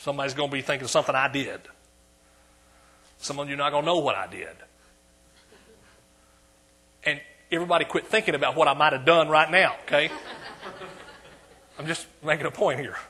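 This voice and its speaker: A man with an East Texas accent preaching a sermon in a church, calling for amens and swinging between quiet asides and loud emphasis. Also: a little high, animated, a little fast, long pauses, husky.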